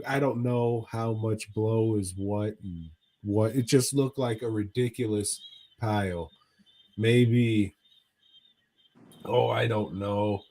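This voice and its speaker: A man's voice: medium pitch, darkish tone. A man co-hosting a podcast, recapping a movie in casual chat as a profane, rambling storyteller. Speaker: podcast co-host.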